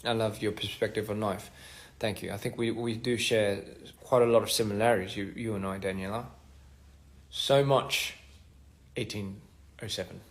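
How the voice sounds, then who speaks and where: Young dude on a phone live, kinda low raspy fry voice, lots of um and restarts, just chatting w fans. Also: male voice, fairly even intonation. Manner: halting, many restarts and fillers, switching between English and Korean. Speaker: musician hosting a livestream. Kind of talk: casual livestream chat reading fan comments. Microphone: phone livestream.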